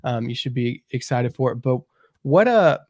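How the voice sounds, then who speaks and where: A man hosting a casual podcast interview, relaxed, with frequent restarts. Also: medium pitch, moderate pace, no room sound, studio quality. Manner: relaxed, stammers and restarts often. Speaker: podcast host.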